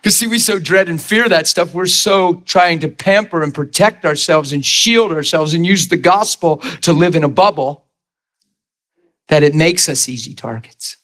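A man in his thirties or forties preaching a personal testimony as a story, animated, laughing often and acting out the scenes. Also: a little high, moderate pace.

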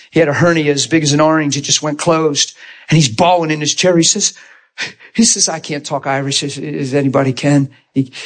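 A man preaching a sermon in a church, telling healing stories in an animated way and often crying out in excitement. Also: a little high. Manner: animated, shouts and cries out in excitement. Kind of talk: sermon with testimony storytelling.

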